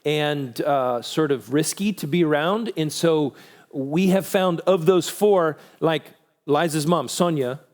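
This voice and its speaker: A middle-aged man speaking casually at a parenting conference, relaxed and conversational, answering questions from the room. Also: on the high side, takes it slowly. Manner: relaxed and conversational, many restarts.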